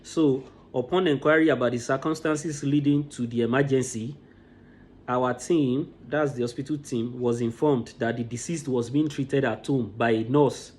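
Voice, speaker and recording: A man's voice: medium pitch, fairly even intonation, normal speed. A man from Nigeria, giving an emotional commentary and often repeating words as he restarts his sentences. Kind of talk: impassioned commentary.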